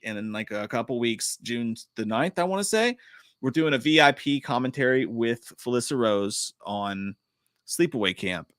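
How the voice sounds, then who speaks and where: A male host rambling through a live stream. He swears freely, jokes crudely and reads viewer comments aloud in a mid-pitched voice. The room sounds dry and close. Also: fairly bright tone, dry recording. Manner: profane, rambling, jokey. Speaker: podcast host. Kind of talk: casual live-stream chat.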